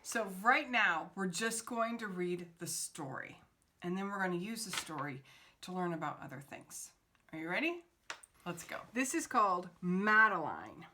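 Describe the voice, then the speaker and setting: Gentle teacher lady reading a picture book to kids, slow, asks questions as she goes. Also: fairly low pitch. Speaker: home-school teacher. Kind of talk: reading a picture book aloud to young children.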